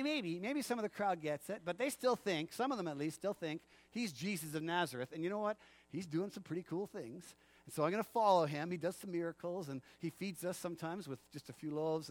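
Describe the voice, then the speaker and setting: A man preaching a sermon in a church, animated, acting out the quotes and laughing often. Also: sits high, fast, no echo. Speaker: pastor.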